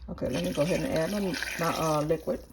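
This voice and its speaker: A regular cooking vlogger talks viewers through each step of her home cooking, chatty and casual, in a home kitchen. Her low-pitched voice is steady and fast. The recording is very noisy, with the clatter of pots and dishes behind her.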